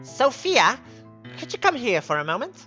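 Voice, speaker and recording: Voiced by a man, a haughty aristocratic mother who gives orders in a high, shrill voice. The pitch swings widely, and the recording is a bit dull, with faint music behind. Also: huge pitch swings, normal speed, pushed and bright, heavily acted. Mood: imperious. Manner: shrill, imperious. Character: haughty, tipsy upper-class mother.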